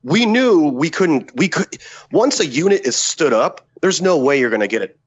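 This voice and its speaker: A man's voice: fairly high pitch, moderate pace, slightly rough, lo-fi sound. A man, a former special forces soldier and podcast guest, telling a story in casual, profane talk and acting out the quotes. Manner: profane, animated, acts out quotes.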